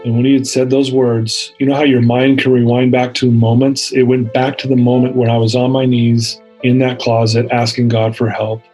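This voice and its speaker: A man's voice: mid-range voice, little pitch movement, moderate pace, few pauses, darkish tone, faint music behind, low-quality recording. A man, telling his personal story earnestly as an interview guest. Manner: earnest, vivid retelling with acted-out quotes.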